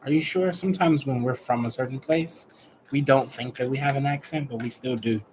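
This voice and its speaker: A man's voice: mid-range voice, fairly quick, slight background noise, low-quality recording. A man from Chicago giving casual, playful tarot readings to viewers. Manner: chatty, playful, talks to viewers. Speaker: tarot and numerology reader.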